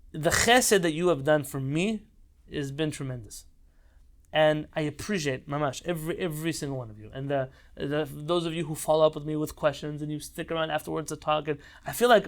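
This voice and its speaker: A man teaching an online Torah class, speaking with passion and repeating phrases for emphasis over a video call. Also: on the high side. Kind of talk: heartfelt online Torah lesson.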